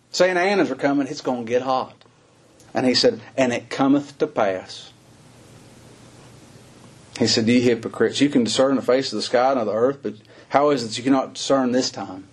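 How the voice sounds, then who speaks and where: A man preaching a sermon in a folksy way, laughing between points and climbing high in pitch when he stresses something. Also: moderate pace, pauses often, breathy edge.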